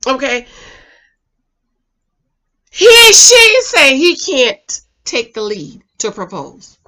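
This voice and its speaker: A woman's voice: sits high, big pitch swings, very slow, bright, forceful tone. A woman reviewing a TV show in casual recap commentary, emphatic and sassy. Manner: emphatic, sassy, quotes people dramatically.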